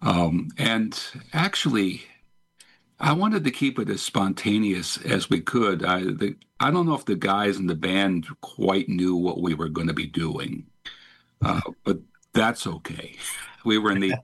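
Husky gravelly deep-voiced musician. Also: male voice, unhurried. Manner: relaxed, anecdotal. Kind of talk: casual interview.

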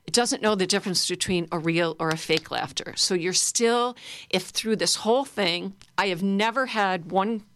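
A middle-aged woman leading a guided laughter exercise class, playful, breaking into high silly laughs and fake sneezes. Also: moderate pace, a bit bright, slight background noise. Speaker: laughter yoga leader.

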